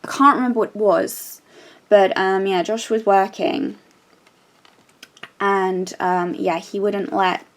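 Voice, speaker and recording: A woman's voice: medium pitch, steady tone, slow, pauses often. A young woman chatting casually while she crafts, telling a story with lots of fillers and restarts. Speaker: crafting vlogger.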